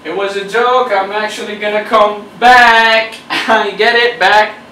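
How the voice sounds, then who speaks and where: A man's voice: high voice, little pitch movement, unhurried, pushed and bright, echoey room, recorded from a distance, slight background noise, low-quality recording. A man doing a profane, mock-angry comedy rant straight at his viewers. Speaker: YouTube comedian.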